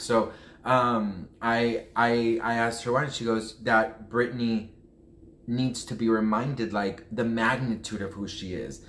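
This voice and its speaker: A man's voice: mid-range voice, fairly bright tone. A man telling a personal story to camera in a casual vlog, rambling and heartfelt, often restarting his sentences. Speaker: vlogger. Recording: echoey room.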